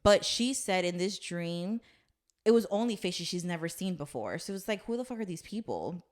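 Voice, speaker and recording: Woman, casual chat host, loose rambling storyteller, lower pitch. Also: lively intonation, normal speed. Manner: retells stories in a loose, rambling way with swearing. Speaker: podcast host.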